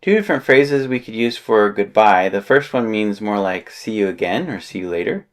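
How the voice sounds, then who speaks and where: A man teaching a beginner language lesson in a relaxed, explanatory way, with frequent fillers. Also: fairly low pitch, normal speed. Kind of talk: casual spoken lesson.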